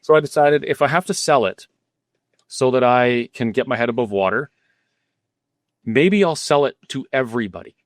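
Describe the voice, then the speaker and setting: A man's voice: medium pitch, normal speed, long pauses, dry recording, clean studio sound. A middle-aged man from Alberta, a guest cafe owner, telling his story candidly and earnestly with frequent restarts. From Alberta, Canada. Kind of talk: interview storytelling.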